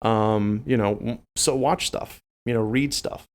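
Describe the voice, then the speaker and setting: A man from New Orleans with a New Orleans accent, co-hosting a game development podcast in a chatty, animated way and speaking directly to listeners. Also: fairly low pitch, unhurried. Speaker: podcast co-host. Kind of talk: casual podcast chat.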